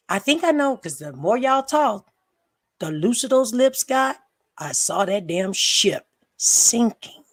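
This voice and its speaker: A woman's voice: medium pitch, expressive, measured pace. A woman hosting a livestream, ranting angrily and bluntly with profanity and repeated lines. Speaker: livestream host. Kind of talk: heated livestream rant.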